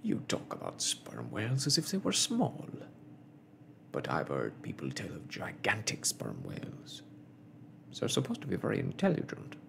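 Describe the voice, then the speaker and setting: A man's voice: low voice, wildly swooping pitch, normal speed, vocal fry, background noise, full character voice. A man doing a polite young manservant, whispered. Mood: earnest. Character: earnest, precise young male manservant. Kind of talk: whispered role-play.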